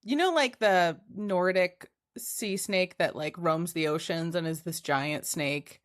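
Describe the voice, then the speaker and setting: A woman's voice: on the low side, takes it slowly. A young woman co-hosting a podcast, chatting casually with frequent swearing and laughter. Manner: swears a lot, laughs often, animated storytelling. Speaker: podcast co-host. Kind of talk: casual chat.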